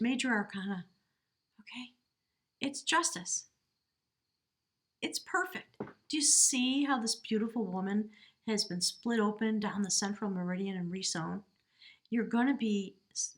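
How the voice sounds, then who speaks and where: Woman, tarot reader, chatty, heartfelt, fairly high voice. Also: fairly bright tone. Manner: chatty and heartfelt, addresses the viewer directly. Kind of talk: casual tarot reading to camera.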